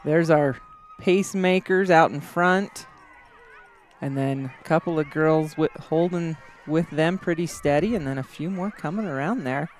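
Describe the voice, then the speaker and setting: A man's voice: on the high side, measured pace, slight background noise. Chatty, laughing male race commentator. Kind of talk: live event commentary. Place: indoors, watching on a big screen.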